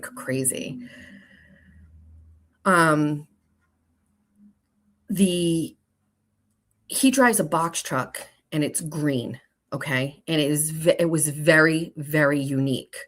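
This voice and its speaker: Low-voiced lady host rambling through a story, swears a lot, stops to talk to people in the office. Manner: chatty, swears freely, breaks off to talk to others. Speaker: show host. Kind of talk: casual storytelling to a live audience.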